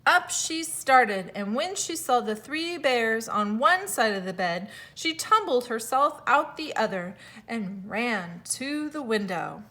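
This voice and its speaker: A woman teacher reading a fairy tale aloud to children, expressive, with small slips and self-corrections. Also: on the high side, slow pace.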